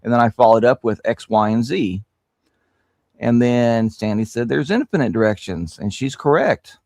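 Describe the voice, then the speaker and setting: A man's voice: medium pitch, animated, normal speed, darkish tone, dry recording, studio quality. A man in a casual live-stream chat, explaining things carefully step by step. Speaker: panel guest.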